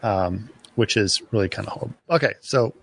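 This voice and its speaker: A man co-hosting a podcast, talking casually and haltingly, often losing his thread. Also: fairly low pitch, gravelly, fairly bright tone. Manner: halting, loses his place, chuckles through stories. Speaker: podcast co-host. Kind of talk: casual chat.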